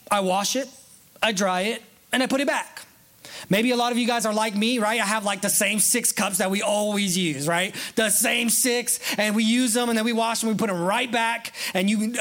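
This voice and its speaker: A man preaching as a pastor to his church, excited, chatty and joking as he goes. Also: sits high. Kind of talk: sermon. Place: church sanctuary.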